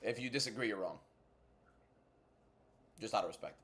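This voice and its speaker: During a casual fight watchalong stream, the MMA content creator answers chat bluntly and jokingly in a lowish voice at a moderate pace. His delivery moves from subdued and indoor-quiet to loud and pumped up.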